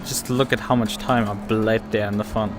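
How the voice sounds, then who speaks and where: A man's voice: on the low side, flat delivery, normal speed. A man giving live commentary on his own racing, talking to himself, frustrated and swearing often. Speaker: sim racing streamer. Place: home racing rig. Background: music.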